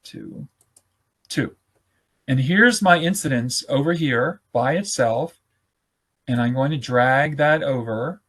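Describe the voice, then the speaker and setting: Man talking through a software demo. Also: medium pitch, unhurried, husky. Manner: informal, self-correcting, thinks aloud. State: losing his voice. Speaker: webinar presenter. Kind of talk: live software demonstration.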